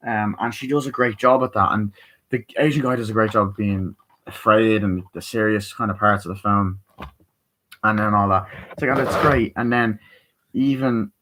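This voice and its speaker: A man's voice: lowish voice, steady tone, moderate pace, fairly bright tone, slight background noise, low-quality recording. Rambling, foul-mouthed man reviewing a film. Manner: rambling, profane, tangent-prone, filler-heavy. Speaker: movie reviewer. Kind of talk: casual spoken film review.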